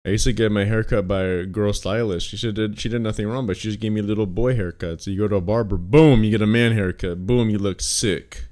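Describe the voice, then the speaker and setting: A young man chatting casually on a livestream in a deadpan, joking way, sometimes dropping words even lower for laughs. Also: quick pace, hardly any pauses.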